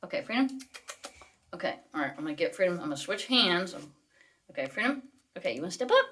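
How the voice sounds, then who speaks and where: A woman filming a casual home vlog in her bathroom, coaxing her parrot in high sing-song baby talk between chatty asides. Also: big pitch swings, fast talker, a bit bright. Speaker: vlogger, parrot owner. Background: faint running tap water.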